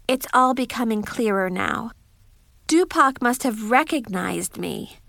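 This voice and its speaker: A woman's voice: a little high, expressive, measured pace, gravelly, a bit bright, dry recording, clean studio sound. A woman narrating a first-person story in a chatty, wry diary style.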